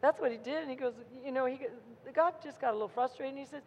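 A woman preaching a sermon, telling a story in an animated way and acting out the voices of a frightened crowd. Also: high voice, fast, slight background noise. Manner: animated, acts out crowd voices with rising intensity. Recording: muffled sound in a reverberant hall.

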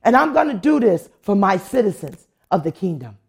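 A woman's voice: mid-range voice, very animated, normal speed, gravelly, darkish tone, husky. A woman pastor preaching a sermon, telling a testimony and acting out the voices of people she quotes. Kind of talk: sermon with storytelling.

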